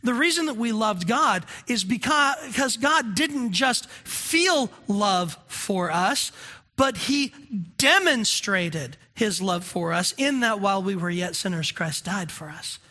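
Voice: medium pitch, animated, slow, sharp tone. A pastor preaching a sermon in an earnest, conversational way, asking the congregation questions.

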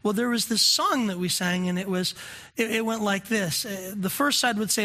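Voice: medium pitch, normal speed, pushed and bright. A pastor preaching a sermon in an earnest, conversational way, asking the congregation questions.

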